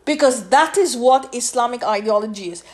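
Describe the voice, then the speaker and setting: A woman's voice: fairly high pitch, normal speed, darkish tone. A woman hosting a solo podcast monologue, lecturing emphatically and repeating phrases for weight. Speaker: podcast host.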